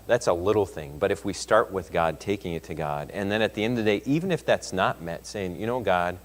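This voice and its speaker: Man teaching Bible class in a reverberant room. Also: deep voice. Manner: conversational, reads scripture aloud with rising emphasis. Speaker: Sunday school teacher. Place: church classroom.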